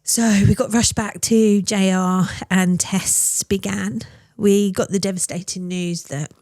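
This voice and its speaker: A woman tells her story as a mother in a podcast interview, her voice heartfelt and emotional, with pauses as she searches for words. She sits at a middle pitch, and the recording is dry and close with no room sound. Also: steady tone, a little mellow, no echo.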